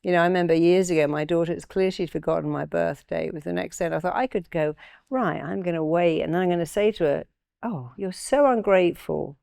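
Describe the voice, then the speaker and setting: Older woman therapist, gravelly lowish voice, animated storytelling, bone dry studio sound. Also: very fast, hardly any pauses, no room sound. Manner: animated, acts out quoted voices. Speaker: therapist and author. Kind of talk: interview guest, storytelling.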